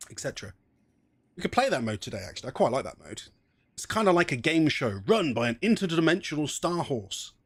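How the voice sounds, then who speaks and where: A man streaming a game, chatting casually and reading in-game text aloud, joking at his own expense. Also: medium pitch. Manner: chatty, self-mocking, tries silly pirate accents.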